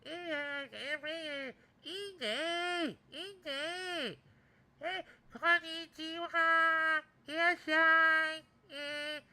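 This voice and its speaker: A man imitating a squeaky, nasal young female streamer who talks in exaggerated, broken English. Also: fairly even intonation, drawn-out words, pushed and bright, heavily acted. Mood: mocking.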